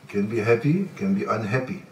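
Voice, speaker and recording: A man giving a religious talk as spiritual teacher, halting and repeating phrases as he searches for words. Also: fairly low pitch, expressive. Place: guesthouse room. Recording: roomy sound, mic at a distance, faint noise.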